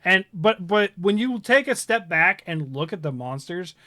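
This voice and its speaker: Male co-host, lively casual talk, bright tone, close dry mic. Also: sits high, normal speed, dry recording. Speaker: podcast co-host. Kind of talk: casual chat.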